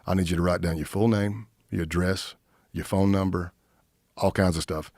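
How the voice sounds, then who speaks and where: A middle-aged man with a fairly low voice tells a war story in casual conversation. He acts out the quotes of the people he met as he goes. The sound is close and dry, with no room around it. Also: fairly even intonation, moderate pace, a little mellow, no echo. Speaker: guest, retired FBI agent. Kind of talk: casual storytelling in podcast interview.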